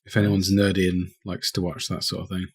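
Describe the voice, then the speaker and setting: A man's voice: low voice, little pitch movement, a little fast, slightly rough. An English man co-hosting a gaming podcast, rambling and poking fun at himself. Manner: rambling, self-mocking. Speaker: podcast co-host. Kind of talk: casual banter.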